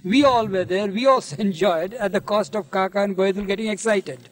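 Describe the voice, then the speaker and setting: A man with a high voice recalls old stories in an archival interview from 1971. He talks at a leisurely pace and keeps adding "you see" as he goes. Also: fairly quick, low-quality recording. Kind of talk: anecdotal storytelling interview.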